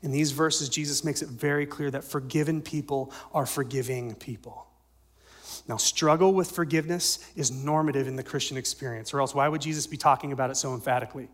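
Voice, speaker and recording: A male pastor giving a sermon, swinging from loud emphatic lines to soft near-whispers and asking the congregation questions. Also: a little high, brisk. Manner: asks the congregation rhetorical questions.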